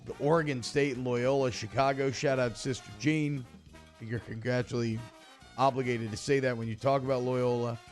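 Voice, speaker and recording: A man hosting sports talk radio, chatty and energetic, with loose casual banter. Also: mid-range voice, normal speed, faint music behind.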